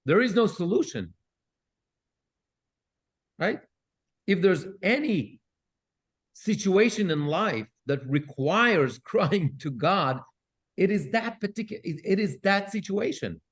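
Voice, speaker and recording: A man, a cantor, teaching a Bible study class who reads Hebrew verses aloud and translates them with lively questions. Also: sits high, slow, long pauses, slightly rough.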